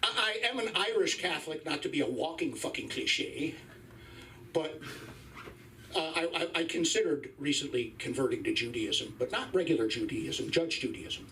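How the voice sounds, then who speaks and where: A man's voice: on the high side, lively intonation, normal speed, bright, forceful tone, recorded from a distance, slight background noise. A man in his fifties doing a crude, wry stand-up comedy set on a club stage. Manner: crude, profane, wry storytelling.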